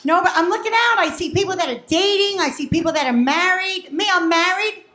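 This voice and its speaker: A woman's voice: very high-pitched, brisk, sharp tone, a little hiss or hum. A woman doing a brash, profane stand-up set, acting out her family. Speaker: stand-up comedian. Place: comedy club. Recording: echoey club room.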